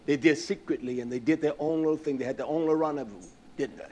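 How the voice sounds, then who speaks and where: A man preaching a sermon, swinging from low murmurs to raised, fervent passages and asking the listeners rhetorical questions. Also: darkish tone. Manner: rhetorical questions, drawn-out emphatic words.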